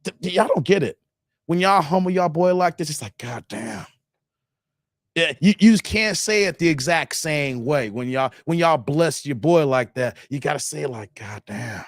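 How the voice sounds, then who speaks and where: A man's voice: on the high side, normal speed, no room sound, clean studio sound. A man hosting a casual livestream, thanking donors and reading chat, playful and laughing often.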